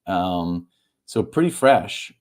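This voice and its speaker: A man, the guest author in an interview, talking in a halting way, repeating words and laughing softly as he speaks. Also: low-pitched, sing-song. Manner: halting, repeats words, stumbles through fillers; laughs softly mid-sentence while talking. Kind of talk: emotional conversational interview.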